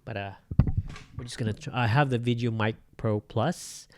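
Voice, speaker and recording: A steady, medium-pitched voice at moderate pace, with a little hiss or hum behind it, comes from a Bisaya-accented Filipino vlogger testing mics indoors. He rambles casually and unscripted with lots of fillers in an echoey room as the mics change.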